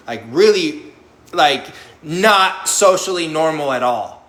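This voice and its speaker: Young guy, blunt and cussing a lot, bright forceful voice, echoey room. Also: a little high, unhurried, slight background noise. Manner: blunt, profane, candid, acts out his own past reactions. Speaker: formerly incarcerated guest on a live panel. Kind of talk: candid conversational storytelling.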